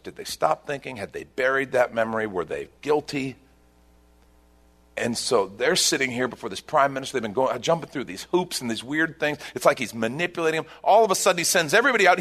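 A male pastor preaching a sermon, telling a scripture story with loud bursts and hushed asides. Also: fairly high pitch. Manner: animated storytelling, swings between loud bursts and hushed lines.

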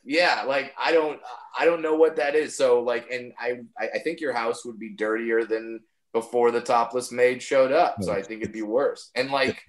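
A man's voice: medium pitch, steady tone, moderate pace. A male comedian chatting casually on a podcast, rambling and incredulous. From United States.

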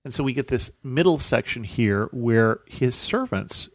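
A man reading a Bible passage aloud, then explaining it in a relaxed, conversational way as a study teacher. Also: mid-range voice, unhurried, no echo. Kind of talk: scripture reading and teaching commentary.

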